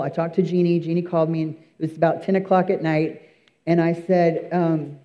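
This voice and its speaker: A man with a high-pitched voice tells his church testimony in an earnest, emphatic way, often pausing on fillers and restarting. The recording sounds slightly dull and lo-fi. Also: flat delivery. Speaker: person giving a testimony.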